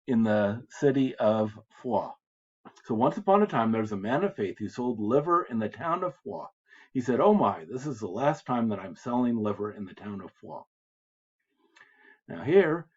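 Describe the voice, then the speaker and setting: A man's voice: lowish voice, lively intonation, measured pace, breathy edge. An American man teaching French reading, who reads French phrases aloud and then patiently explains them in English. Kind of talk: recorded lecture explaining translations. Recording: slightly dull lo-fi lecture audio.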